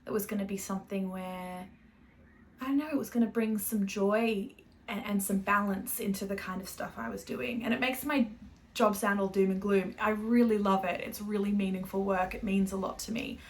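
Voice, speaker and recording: A woman's voice: mid-range voice, fairly even intonation, moderate pace. Chatty young Australian woman. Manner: chatty, rambling, self-correcting, laughs often. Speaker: knitting podcast host. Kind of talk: casual chat to camera.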